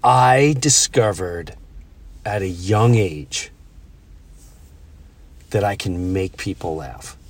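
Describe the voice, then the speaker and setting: A middle-aged man hosting a podcast, chatting casually and telling stories with halting restarts. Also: sits low, lively intonation. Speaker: podcast host. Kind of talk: casual chat.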